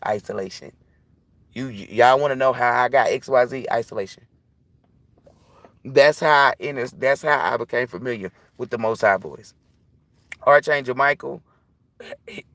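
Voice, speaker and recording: A man's voice: medium pitch, a bit bright, dry recording. A man who reads tarot, talking casually and bluntly on a livestream, preachy and profane. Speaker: tarot reader.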